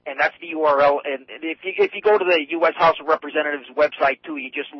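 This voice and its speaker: A man with a New England accent calls in from New Hampshire, his voice pitched a little high and slightly husky. He rambles and restarts his sentences over and over. The sound is muffled and dry, as it comes down a phone line. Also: fairly even intonation, no echo. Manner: rambling, halting, many restarts. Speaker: caller. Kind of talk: phone-in call. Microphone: telephone.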